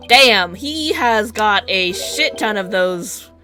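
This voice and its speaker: Bright-voiced young woman streaming a game. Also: medium pitch, lively intonation, slow pace, soft background music. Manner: chatty, laughs, asides to her cat. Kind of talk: casual let's-play commentary.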